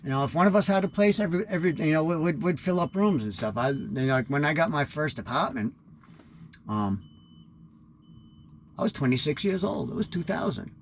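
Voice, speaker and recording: A man's voice: a little high, lively intonation, brisk, slight background noise. A man in his fifties rambling through a candid, profane personal monologue as host of his own show. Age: 50s.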